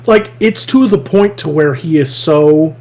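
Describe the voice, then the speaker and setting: A man's voice: a little high, a little slow, darkish tone, a little hiss or hum. A man chatting casually and enthusiastically, rambling and laughing often as he explains things. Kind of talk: casual chat.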